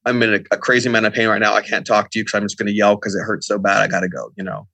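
Brief: middle-aged male podcast guest, quick rambling delivery, dry close mic. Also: lowish voice, creaky, sharp tone, dry recording. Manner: rambling, lots of fillers and quoted dialogue. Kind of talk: casual storytelling.

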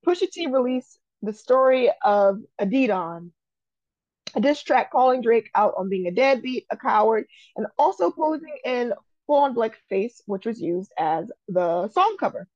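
A woman's voice: a little high, animated, measured pace, darkish tone, no echo, highs cut off. A woman co-hosting a casual gossip podcast, blunt and profane, telling the story with jokes. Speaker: podcast co-host.

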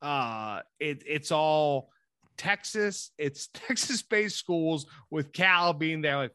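A man co-hosting a casual sports podcast, animated and profane, jumping from mumbled asides to loud excited pitches. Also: slow pace, clean tone, dry recording, clean studio sound. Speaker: podcast co-host.

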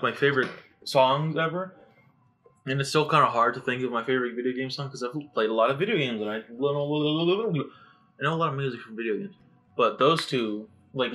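A man hosting a casual podcast, excitable, swearing and laughing as he chats with friends. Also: mid-range voice, rough recording. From United States. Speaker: podcast host. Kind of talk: casual chat.

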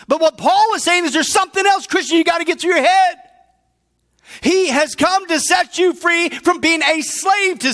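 A male pastor preaching a sermon, often shouting with fervor. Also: extremely high pitch, long reverb tail.

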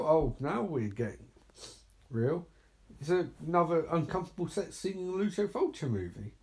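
Animated sarcastic man riffing on a movie. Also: on the high side, moderate pace. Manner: sarcastic, exasperated, swears freely. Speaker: movie commentator. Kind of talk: live movie reaction commentary.

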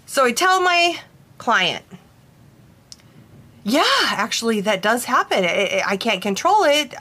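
A young woman who works with brides casually telling a story about a spirit, animated and full of "like" fillers. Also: fairly high pitch. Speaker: bridal stylist and medium.

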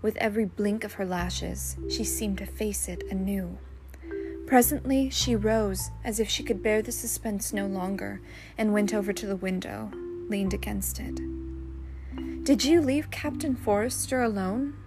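A woman reading a novel aloud in a measured, steady way, with music behind. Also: medium pitch. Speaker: audiobook reader. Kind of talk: scripted narration.

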